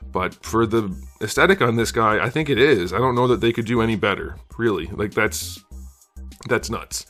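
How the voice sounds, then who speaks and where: A man's voice: lowish voice, bright, forceful tone. A man talking casually through an action figure review, slightly out of breath from being sick, rambling with fillers and hedges. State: out of breath from illness. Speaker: toy reviewer.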